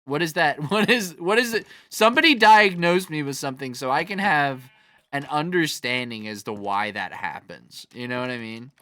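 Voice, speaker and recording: A man rambles to his stream chat between gameplay, swearing freely and laughing often, and answers the comments as he reads them aloud. His voice is bright and forward. The sound is close and dry. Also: mid-range voice, expressive, normal speed, clear, resonant tone, no echo. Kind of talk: casual chat while gaming.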